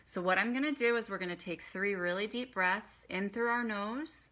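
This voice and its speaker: A woman's voice: medium pitch, normal speed, sharp tone. A woman teaching meditation in a chatty live stream, guiding the listener through breathing and chanting. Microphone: phone.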